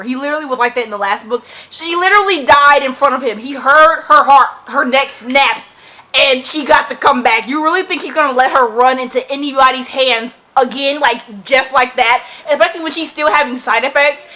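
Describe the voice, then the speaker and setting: Excitable high-voiced woman vlogging. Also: a little fast. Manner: excitable and chatty, heavy use of "like". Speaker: book vlogger. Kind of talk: casual reading reaction vlog.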